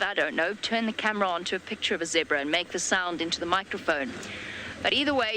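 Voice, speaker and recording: A woman's voice: mid-range voice, bright, forceful tone, a little hiss or hum. A woman presenting a live safari broadcast in a playful, teasing chat style.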